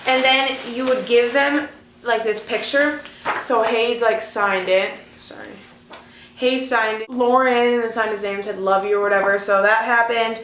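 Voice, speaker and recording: A woman's voice: a little high, fairly even intonation, unhurried, noisy background. Chatty teen girl vlogger. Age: teens. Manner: chatty, gushing, heavy use of "like". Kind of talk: casual storytelling vlog. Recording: echoey room.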